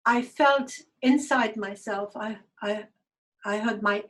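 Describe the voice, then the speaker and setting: A woman telling a personal story to an online group over a video call, halting and hesitant, with many fillers and restarts. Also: medium pitch, fairly bright tone. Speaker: guest speaker. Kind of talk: personal testimony talk.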